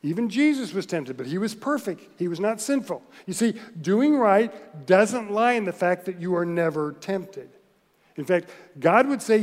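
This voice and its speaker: A man with a high, light voice preaches a sermon, retelling the story with animated, chuckling delivery. His words ring out with a long reverb tail in a church sanctuary. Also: moderate pace. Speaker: pastor.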